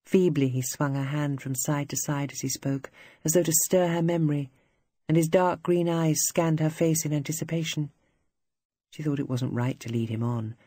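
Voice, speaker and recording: An audiobook narrator reading literary fiction in a measured, even storytelling manner. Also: mid-range voice, no room sound, studio quality. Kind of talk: scripted narration.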